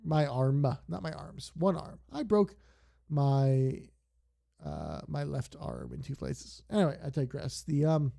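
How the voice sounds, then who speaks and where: A young man chats casually while streaming a game. He rambles and sidetracks constantly, and his slightly high voice has a gravelly, mellow edge. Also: lively intonation, slow pace. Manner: rambling, digressive storytelling.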